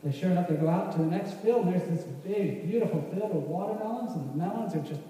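Guy teaching a church group, high mellow voice, loose rambling talk, heard from far off in a big echoey hall. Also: fast. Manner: casual, rambling, many restarts. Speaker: church class speaker. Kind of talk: folksy teaching talk with a story.

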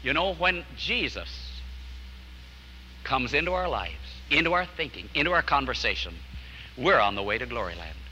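A man preaching a storytelling sermon, earnest, dropping to a hush at key lines. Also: mid-range voice, sing-song, moderate pace, big-room sound, slight background noise, low-quality recording.

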